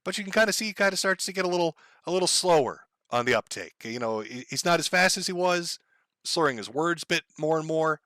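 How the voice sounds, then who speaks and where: Bright-voiced man giving casual commentary. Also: fairly high pitch, animated, fast talker, dry recording. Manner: matter-of-fact, explains background. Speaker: commentary host.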